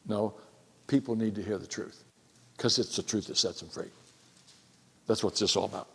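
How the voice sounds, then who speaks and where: A man preaching a sermon, asking his listeners rhetorical questions and swinging between loud exclaimed lines and near-whispered quiet ones. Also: lowish voice, lively intonation, brisk, creaky, long pauses, long reverb tail. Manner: asks the audience rhetorical questions.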